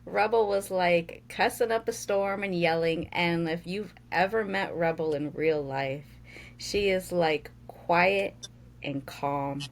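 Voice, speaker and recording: A woman co-hosting a podcast in casual chat, telling stories in a measured way with many "like" fillers. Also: on the low side, vocal fry. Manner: measured storytelling with frequent "like" fillers. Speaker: podcast co-host.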